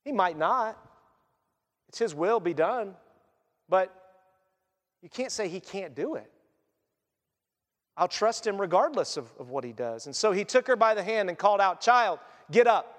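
A man preaching a sermon in a conversational, animated storytelling manner. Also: high-pitched, normal speed, pauses often. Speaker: pastor. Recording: long church reverb.

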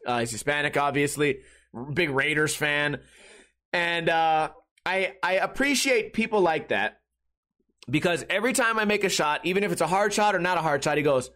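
A man's voice: high voice, lively intonation, normal speed, a bit bright. A young man hosting a podcast, rambling in a casual, jokey, profane monologue. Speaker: podcast host.

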